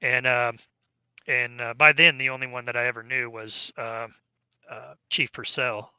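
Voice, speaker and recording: Man, army veteran, rambling story, very bright tone, smooth clear voice. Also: medium pitch, flat delivery, unhurried, no echo, lo-fi sound. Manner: rambling, many fillers and restarts. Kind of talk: casual storytelling interview.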